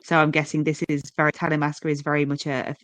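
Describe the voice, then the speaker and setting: A woman's voice: deep voice, completely flat delivery, fast talker, fairly bright tone, no room sound. A British woman co-hosting a podcast, talking through her thoughts carefully with some restarts. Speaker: podcast co-host. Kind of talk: casual chat.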